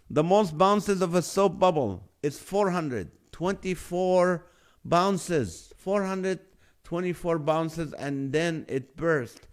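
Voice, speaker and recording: Live-stream host, man, unhurried delivery, chuckles while reading out chat comments. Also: fairly high pitch, expressive. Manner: reads names and guesses aloud, laughs often.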